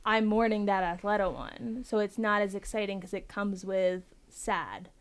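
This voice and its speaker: Blunt, smooth-voiced young woman. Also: medium pitch, steady tone, normal speed. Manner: blunt, emphatic, swears freely. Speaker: podcast guest panelist. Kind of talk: casual podcast chat.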